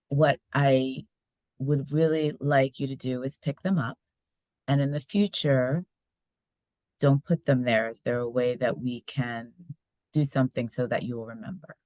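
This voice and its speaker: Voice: medium pitch, fairly even intonation, slow, pauses often, darkish tone, dry recording. A webinar participant answering hesitantly, thinking aloud with fillers as she tries out an example.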